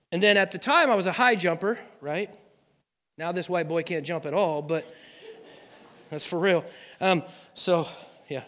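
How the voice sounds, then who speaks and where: A man from Oregon preaching a sermon, telling a personal story with lots of animation and acted-out voices. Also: high-pitched. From Oregon, USA. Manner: animated, acts out voices and sound effects. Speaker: pastor. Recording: long hall reverb.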